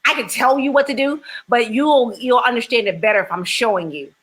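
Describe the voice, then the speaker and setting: A woman's voice: a little high, brisk, a bit bright, breathy edge, low-quality recording. A woman hosting an interview, talking in an earnest, reflective way. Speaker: host. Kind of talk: casual interview chat.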